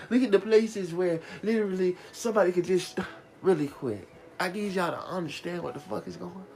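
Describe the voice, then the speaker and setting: A man with a slightly raised voice tells stories in a profane, animated rush. He hosts a live radio show and chats casually. Faint music plays behind him. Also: on the high side. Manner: profane, animated, laughing storytelling. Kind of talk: casual storytelling rant.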